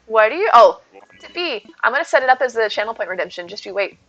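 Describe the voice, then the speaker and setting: A woman's voice: fairly high pitch, sing-song, quick pace, fairly bright tone, no echo. A young woman casually chatting on a live stream, reading out and answering chat and thanking viewers with giggly asides. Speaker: streamer hosting a game stream. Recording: dull lo-fi stream audio. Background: faint game music.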